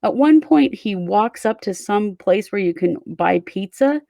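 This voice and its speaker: A woman's voice: medium pitch, animated, measured pace, creaky, warm tone, dry recording. A woman hosting a true crime show, casually walking her co-host through a case step by step. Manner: conversational, recounts events step by step.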